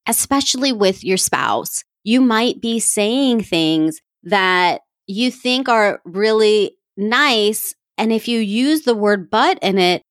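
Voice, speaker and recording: A woman's voice: medium pitch, dry recording. Woman podcast host, chatty coaching tone, laughs at herself, dry close sound. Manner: coaching, addresses listeners directly. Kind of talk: casual self-help talk.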